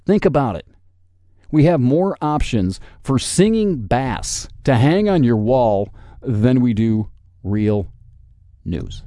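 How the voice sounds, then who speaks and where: A man's voice: mid-range voice, warm tone, no room sound, studio quality. Sarcastic ranting podcast host, man. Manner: sarcastic, combative, profane. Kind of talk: solo podcast rant.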